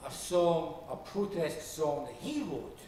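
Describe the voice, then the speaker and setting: Scottish man, Ayrshire accent, slow rambling storyteller, higher voice, distant mic in an echoey room. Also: sing-song, dark tone, slight background noise. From Ayrshire, Scotland. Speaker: singer-songwriter introducing songs. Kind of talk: chatting between songs at a live show. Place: motel performance room. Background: acoustic guitar.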